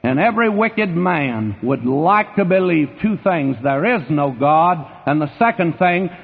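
A man preaching a sermon in a large auditorium, swinging between forceful loud phrases and hushed ones. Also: on the high side, expressive, normal speed. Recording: tinny narrow-band sound with long hall reverb.

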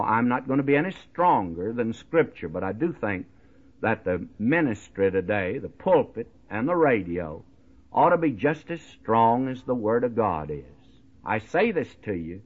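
A middle-aged man preaching a radio sermon in a folksy, conversational way, often pausing with "uh" and "my friend". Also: lowish voice. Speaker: radio Bible teacher. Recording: tinny phone-like radio broadcast.

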